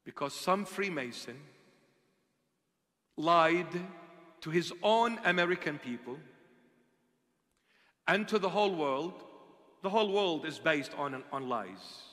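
Passionate bishop, a man with a high, bright, cutting voice, preaching from hushed to loud in a reverberant hall. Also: expressive, slow pace, pauses often. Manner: impassioned, swings from hushed to loud. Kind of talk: sermon storytelling.

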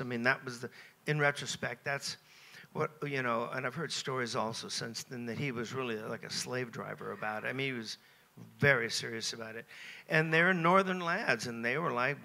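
An American man in his seventies, a guest at a Q&A on a cruise ship, telling anecdotes in a lively, self-mocking way and chuckling between phrases. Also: mid-range voice, normal speed, vocal fry. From United States. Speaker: interview guest. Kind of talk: anecdotal Q&A storytelling.

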